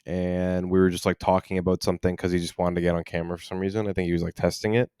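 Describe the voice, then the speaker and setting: Easygoing young man with a low voice. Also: level tone, rapid-fire, a little mellow, clean tone, dry recording, studio quality. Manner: easygoing, filler-heavy, laughs along. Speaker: podcast co-host. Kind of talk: casual chat.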